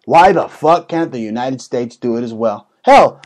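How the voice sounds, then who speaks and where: A young man hosting a casual talk show, ranting crudely and jokingly with sudden loud outbursts. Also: medium pitch, normal speed, low-quality recording. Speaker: host.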